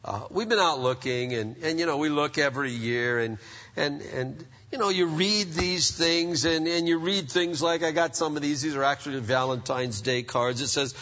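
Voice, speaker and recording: A man's voice: fairly high pitch, normal speed, a bit bright. Joking preacher man in an echoey hall. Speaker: pastor. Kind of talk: sermon. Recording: echoey hall, dull lo-fi sound.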